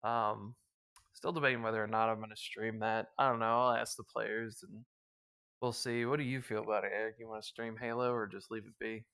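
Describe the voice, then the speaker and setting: A man's voice: lowish voice, level tone, fairly quick, creaky, bright, forceful tone, smooth. A young man from the US East Coast hosting a podcast, telling crude, joking stories in casual chat. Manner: crude, laughing storyteller. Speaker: podcast host.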